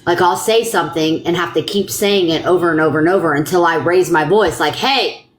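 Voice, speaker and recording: A woman hosting a live stream, talking loudly and bluntly and swearing often in casual chat. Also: on the low side, brisk.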